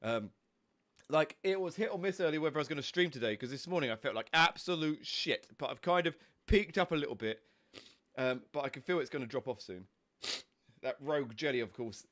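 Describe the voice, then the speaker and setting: A man's voice: fairly high pitch, a little fast, a bit bright. Stuffy-nosed young man chatting on stream. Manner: chatty, rambling, swears casually. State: stuffy nose from a cold. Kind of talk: casual live-stream chat.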